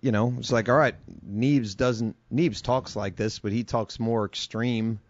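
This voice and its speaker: A man's voice: medium pitch, fairly even intonation, unhurried, dry recording, muffled recording. A man from New York co-hosting a casual group podcast, reading promo copy and chatting about accents. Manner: reads promo copy aloud, then chats animatedly about accents. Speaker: podcast co-host.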